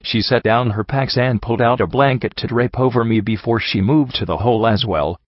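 A man narrating a story in the first person, reading in a measured, somber way. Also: medium pitch, no echo. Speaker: audiobook reader. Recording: dull lo-fi sound.

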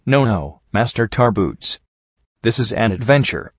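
A man's voice: lowish voice, animated, measured pace, no echo. A man voicing a tough, bossy female pony riverboat captain who bluntly lays down the rules, on a dull, dry recording. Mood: grand.

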